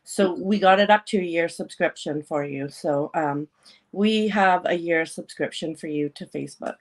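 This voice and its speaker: A woman hosts a casual talk-show podcast in a lowish voice at normal speed. She's playful and teasing, often laughing between her lines.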